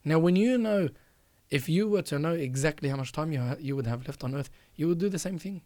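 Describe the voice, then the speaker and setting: A man's voice: fairly high pitch, a little fast, dark tone, dry recording, clean studio sound. A man hosting a religious advice talk, earnestly urging listeners and repeating phrases for emphasis. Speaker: podcast host.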